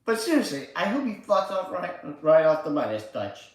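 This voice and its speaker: A man's voice: high-pitched, huge pitch swings, normal speed, few pauses. Rambling profane man on an echoey stream. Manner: rambling, profane, lots of fillers. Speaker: livestream host. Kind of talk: casual livestream chat. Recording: very echoey room.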